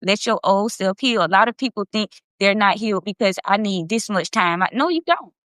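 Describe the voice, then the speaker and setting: A woman's voice: mid-range voice, steady tone, moderate pace, fairly bright tone, no room sound. A woman of about thirty hosting a casual livestream, talking in an emphatic, impassioned way and swearing freely. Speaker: livestream host.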